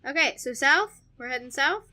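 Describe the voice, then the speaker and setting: Woman, co-op gaming host, bright lively voice, playful and questioning, faint noise. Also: sits high, normal speed. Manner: playful, questioning, hums along. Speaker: co-op gameplay host. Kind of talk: casual gaming chat.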